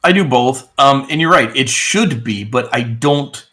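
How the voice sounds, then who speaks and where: A man runs a tabletop game in an easygoing, rambling way, filling pauses as he goes. His voice sits at an ordinary middle pitch. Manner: relaxed, rambling with fillers. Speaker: game master.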